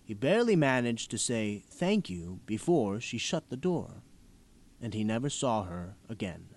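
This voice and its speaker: A man reads a short story aloud in an expressive storytelling manner. His pitch moves lively up and down through the lines. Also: moderate pace. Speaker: story reader.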